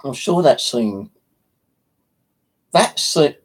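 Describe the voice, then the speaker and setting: A man's voice: medium pitch, animated, extremely slow, breathy edge. An English man chatting casually on a live stream, rambling and joking crudely, with a slight lisp from missing teeth. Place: home.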